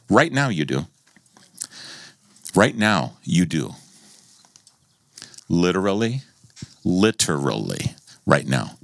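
A deep-voiced American pastor preaching with lively swings of pitch, leaping up high for questions and laughter. His voice sits close and dry, with little room sound. He tells stories in a warm, conversational sermon style. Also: no echo. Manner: animated, laughing, rising to high exclamations. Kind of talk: sermon storytelling.

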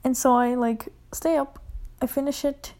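Young woman, fairly high voice, rambling casual storytelling, profane, lots of "like", slips into whispers. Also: fairly even intonation, normal speed, warm tone. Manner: often drops to a whisper.

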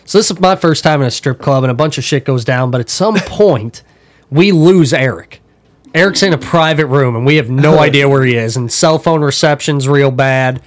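A man telling crude stories in a casual podcast chat, talking fast and laughing often. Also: mid-range voice. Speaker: podcast guest. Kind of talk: casual storytelling.

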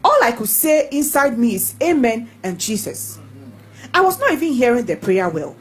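A woman reading testimonies aloud in a lively, expressive way. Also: on the high side, normal speed, husky, rough recording.

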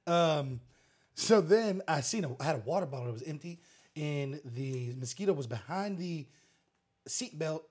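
Hyped-up guy cohosting a podcast, kinda husky, voice sits a bit high. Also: moderate pace. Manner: energetic, laughing storyteller. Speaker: podcast co-host. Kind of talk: casual chat.

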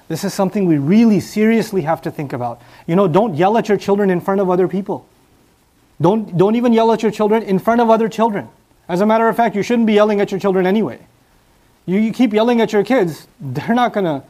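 A man's voice: high voice, a little mellow. A man giving a sermon, emphatic, with repeated rhetorical questions. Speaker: preacher.

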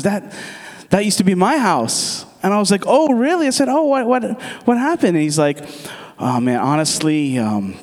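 A man from the States giving a sermon testimony, telling his story with animation and acting out the dialogue. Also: a little high. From United States. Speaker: church speaker giving testimony. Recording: long reverb of a large hall.

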